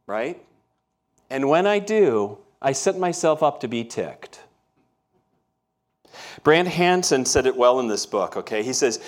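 A man preaches to his congregation in a relaxed, conversational sermon. He tells everyday stories and keeps asking his listeners questions. His voice sits in an ordinary middle range. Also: medium pitch, a little slow, long pauses. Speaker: pastor. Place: church.

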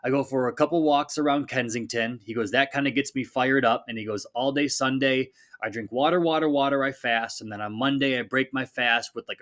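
A man in his thirties talks through a solo fitness podcast in an easy, mid-pitched voice. He sounds like a coach giving a pep talk, upbeat and conversational, and he slips into quick quoted voices as he goes. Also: a bit bright.

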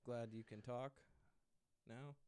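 A man's voice: medium pitch, steady tone, takes it slowly, darkish tone. A young man co-hosting a podcast, chatting casually in a teasing, crude, playful manner. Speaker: podcast co-host. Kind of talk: casual chat.

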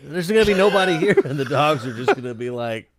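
A man's voice: a little high, lively intonation, fast, a crowd in the background. A man co-hosting a podcast, chatting casually with dry humor. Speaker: podcast co-host. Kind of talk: casual chat.

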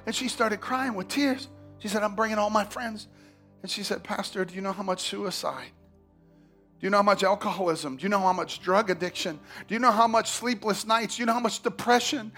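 Bright, gravelly preaching man. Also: sits high, a little fast, faint music behind. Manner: animated storytelling, swinging from hushed to shouting. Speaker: pastor. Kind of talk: sermon. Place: church sanctuary.

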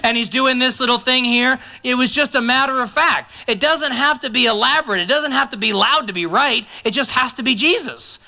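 A man's voice: extremely high pitch, brisk, few pauses, pushed and bright. A man preaching a sermon as a pastor, talking conversationally and dropping joking asides to the congregation.

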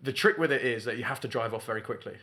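Bright-voiced young man chatting. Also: medium pitch. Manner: animated storytelling with quick mock voices. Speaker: podcast co-host. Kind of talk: casual chat.

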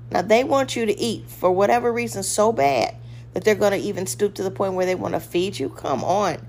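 A woman's voice: medium pitch, lively intonation, brisk, a little mellow, a little hiss or hum. A woman giving a short devotional sermon, firm and exhorting, repeating short commands. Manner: acts out a weak, hesitant voice when giving examples. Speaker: devotional podcast host.

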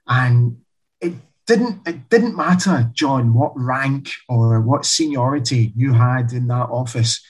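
An author appearing as a guest in a relaxed, casual interview tells long anecdotes, laughing as he chats along. His mid-range voice is slow and has a husky edge, captured on a low-quality recording.

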